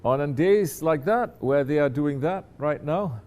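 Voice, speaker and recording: A man's voice: on the high side, expressive, a little slow, darkish tone. A man, a sheikh, teaching his disciples in a conversational sermon, often turning to ask listeners if they understand.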